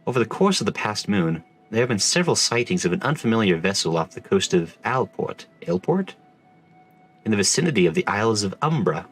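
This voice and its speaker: A man voicing a formal, measured naval commander in a game, reading the lines plainly. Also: lowish voice, very animated, soft background music. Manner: formal, measured, stumbles over names. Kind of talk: reading game dialogue aloud in voices.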